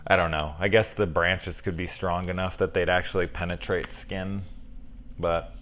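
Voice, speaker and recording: Man, middle-aged, slightly low voice, casual film review, animated, profane. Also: moderate pace. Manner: animated, profane, acts out lines.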